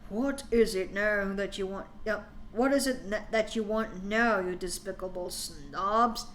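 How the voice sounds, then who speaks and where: A woman's voice: medium pitch, a little slow, a bit bright, slight background noise, voice pushed down, close to an everyday voice. A woman voicing a grumpy, scornful old male headmaster wizard in a sneering, dismissive tone.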